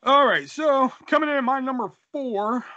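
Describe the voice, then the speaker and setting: A young man co-hosting a podcast, telling a story in a casual, animated way, swearing and acting out the dialogue. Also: very high voice, normal speed, no room sound, muffled recording. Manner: animated, profane, acts out dialogue. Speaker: podcast co-host.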